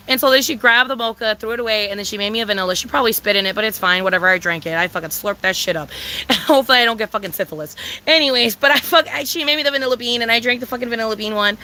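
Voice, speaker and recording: A young woman telling a profane, dramatic storytime rant, with a Mexican Spanish accent, jumping into high squeals when she quotes herself. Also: rapid-fire, sharp tone, low-quality recording. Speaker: vlogger.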